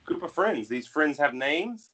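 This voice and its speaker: A man doing a wary city guard interrogating a suspect during a tabletop game, probing and coaxing, with a formal "sir". His voice sits fairly high and moves lively. He presses steadily with questions. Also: measured pace, slightly rough, full character voice.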